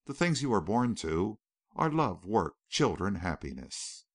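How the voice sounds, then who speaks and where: Narrator as a calm young ex-soldier, gentle, earnest, lowish voice, dry close sound. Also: male voice, unhurried, no room sound. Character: steady, gentle young male war veteran.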